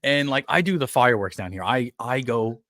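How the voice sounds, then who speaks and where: A man's voice: medium pitch, fairly quick, no room sound. Middle-aged new guy hosting a podcast, bouncy storytelling voice, dry close sound. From New York. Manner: animated storyteller who acts out what others said. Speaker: podcast host. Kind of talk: casual podcast chat.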